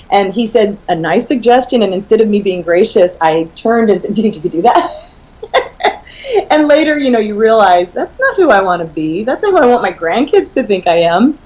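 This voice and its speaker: A woman in her fifties, a guest in an interview, telling animated stories and laughing often. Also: medium pitch. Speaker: author and guest. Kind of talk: casual storytelling in an interview. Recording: slightly muffled audio.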